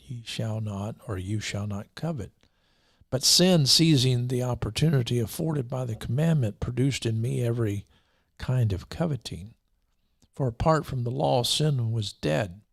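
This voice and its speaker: A man hosting a show, reading scripture aloud with commentary in a deliberate way, slowing down and repeating key lines. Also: mid-range voice, gravelly, slightly rough, dry recording, studio quality. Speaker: show host and preacher.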